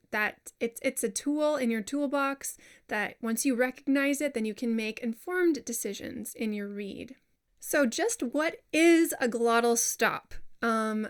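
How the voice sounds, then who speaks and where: A woman's voice: on the high side, clear, resonant tone. A woman voiceover coach giving a casual lesson, chatty and self-deprecating, who says example words aloud to demonstrate them. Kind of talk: casual instructional talk.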